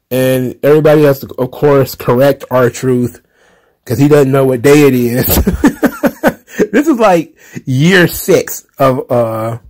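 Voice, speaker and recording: A man's voice: mid-range voice, darkish tone. A man hosting a casual wrestling recap show, talking loosely with frequent laughs, sarcastic asides and plenty of filler words. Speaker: wrestling commentary podcaster.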